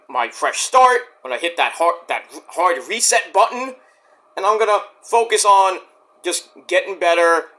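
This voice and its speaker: A man with a high voice delivers a rambling solo vlog. His tone is bright and forceful, and he talks bluntly and defiantly, swearing freely. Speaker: vlogger. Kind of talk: casual rambling monologue.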